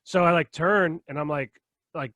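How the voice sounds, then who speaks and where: A young man on a podcast telling a story in casual chat, animated and profane, often checking in with "right?" and "okay?". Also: fairly high pitch, moderate pace, dry recording. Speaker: podcast co-host.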